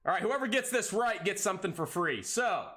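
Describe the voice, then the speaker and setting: A man hosting a live day-trading stream, calling out prices and cracking jokes in an excitable, hyped way. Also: high voice. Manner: excitable, hyped, jokey, calls out prices rapidly. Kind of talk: live trading commentary and banter.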